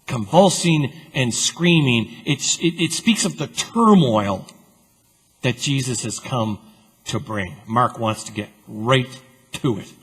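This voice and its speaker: A man preaching a sermon as pastor, with a conversational, animated storytelling style full of asides. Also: mid-range voice, slow pace, husky. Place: church sanctuary. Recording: long church reverb.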